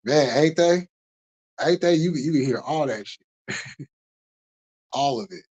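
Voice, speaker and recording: A man's voice: a little high, animated, slow pace, a little mellow, dull audio. A man hosting a casual late-night sports talk stream, ranting heatedly with lots of profanity and laughter. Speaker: host.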